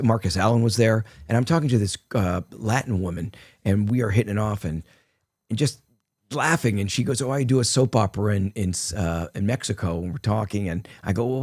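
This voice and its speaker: A man's voice: on the low side, darkish tone, dry recording, studio quality. An older man, a guest in an interview, telling rambling anecdotes full of restarts and quoted dialogue. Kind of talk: casual storytelling interview.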